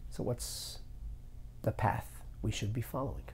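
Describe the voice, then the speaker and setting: A man's voice: on the low side, measured pace, a little hiss or hum. A man teaching a lesson on the Haggadah, thinking aloud and often hedging. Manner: animated, searching, thinks aloud with frequent hedges. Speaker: Torah teacher.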